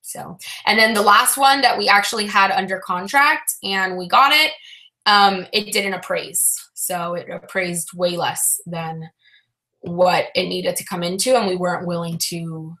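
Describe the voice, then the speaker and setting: Bright-voiced woman chatting on a live stream. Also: fairly low pitch, a little slow. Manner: rambling, frank, many fillers and restarts. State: low-spirited, frustrated. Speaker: reseller vlogger answering live chat. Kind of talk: casual live-stream chat.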